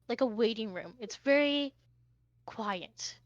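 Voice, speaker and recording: A woman's voice: a little high, expressive, slow, no room sound, highs cut off. A woman narrating as game master of a tabletop game, chatty and rambling with many fillers.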